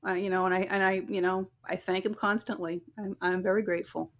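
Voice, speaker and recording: A woman's voice: mid-range voice, flat delivery, a little fast. A woman guest on an interview podcast, a psychic medium and relationship coach, telling stories casually and acting out the voices of the people in them. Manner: chatty, acts out quoted voices in anecdotes.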